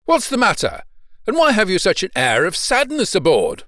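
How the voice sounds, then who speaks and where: A man voicing an excitable middle-aged ship owner who speaks in a raised, eager, questioning way. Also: fairly high pitch, measured pace, no room sound, clean studio sound, heavily acted.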